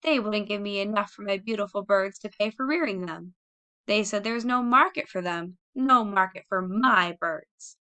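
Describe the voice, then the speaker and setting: A woman's voice: mid-range voice, normal speed, pushed and bright, smooth, lightly acted. A woman voicing a proud, indignant pioneer mother. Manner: fierce, dignified outbursts. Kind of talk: audiobook character reading.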